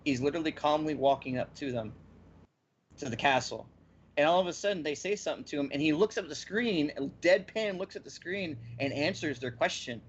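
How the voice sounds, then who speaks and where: A man hosting a podcast, recapping a story in casual chat with lively, stop-and-start storytelling. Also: fairly high pitch, brisk, slight background noise. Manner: animated storytelling with frequent restarts. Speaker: podcast host. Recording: slightly muffled lo-fi audio.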